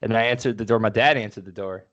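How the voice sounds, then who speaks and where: A man's voice: fairly low pitch, fast, fairly bright tone. A man co-hosting a podcast in casual chat, telling rambling stories and laughing often. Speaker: podcast co-host. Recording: dull lo-fi sound.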